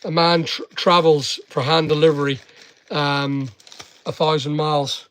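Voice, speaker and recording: A man's voice: a little high, a little slow. Chatty Northern Irish man packing orders. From Northern Ireland. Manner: rambling, chatty, talks to viewers by name. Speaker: online seller livestreaming. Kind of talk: casual livestream chat while packing orders.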